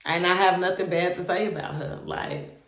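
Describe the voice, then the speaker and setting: Young woman spilling a story to y'all, lively and blunt, bit of room echo. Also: fairly low pitch, normal speed, noisy background. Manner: animated, candid, swears freely, talks to viewers as y'all. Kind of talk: casual storytime monologue. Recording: roomy echo.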